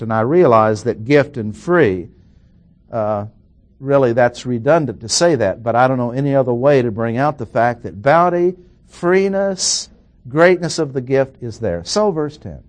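A man teaching a verse-by-verse Bible lesson, explaining slowly and deliberately and repeating key phrases. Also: medium pitch, expressive.

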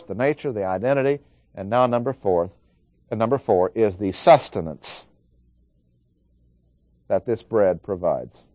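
A man's voice: fairly low pitch, warm tone, dry recording. Man teaching scripture point by point. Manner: methodical, enumerating points and reading scripture aloud. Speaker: preacher. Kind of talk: expository Bible teaching.

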